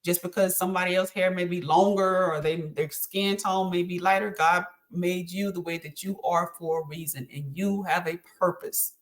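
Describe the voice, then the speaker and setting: Her pitch fairly low and her tone steady, the host's mother talks at normal speed with few pauses. The middle-aged guest chats casually but earnestly about faith and encouragement, with plenty of ums.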